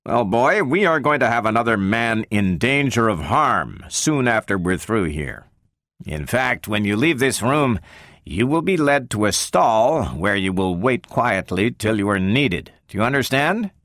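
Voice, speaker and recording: A man reading the part of a brisk male scientist who questions a robot in a probing, sometimes sharp way. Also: fairly low pitch, expressive, no echo, clean studio sound, voice pushed up.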